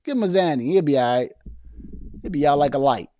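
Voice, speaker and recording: A man riffs through casual political commentary, reading viewer comments aloud and answering them. His voice sits a little high for a man, and he talks loosely with slang, repeating words and restarting sentences. The sound is close and dry. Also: animated, brisk, mellow, dry recording.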